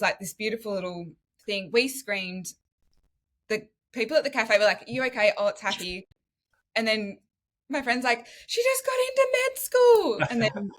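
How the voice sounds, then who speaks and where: An Australian woman in her thirties, a former nurse now studying medicine, telling her story in a casual podcast chat with frequent laughs and acted-out quotes. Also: medium pitch. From Western Australia. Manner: animated, laughs often, acts out quotes.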